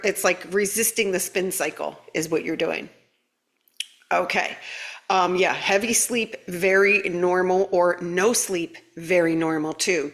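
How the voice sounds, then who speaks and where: A woman hosting a casual spiritual live stream. She greets viewers by name, laughs often, and uses playful sound words with quick jumps in pitch. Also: fairly bright tone. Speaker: spiritual livestream host.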